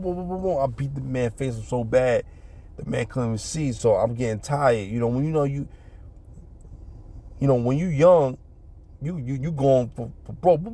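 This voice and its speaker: A man's voice: medium pitch, dark tone. A middle-aged man, casually telling a street story and acting out punches with sound effects. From New York City.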